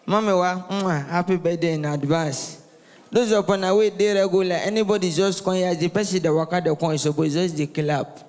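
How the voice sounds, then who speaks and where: A man's voice: sits high, steady tone, fairly quick, a little mellow, long reverb tail. A Nigerian man doing a rowdy stand-up comedy set, teasing the crowd and calling for responses. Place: live comedy venue.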